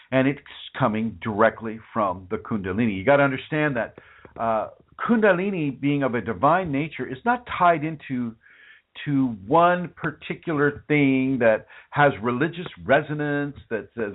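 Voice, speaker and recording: Through a narrow, phone-like sound, a man who teaches spirituality and hosts a broadcast speaks earnestly and colloquially, often restarting and repeating words. His medium-pitched voice is sing-song at a normal speed.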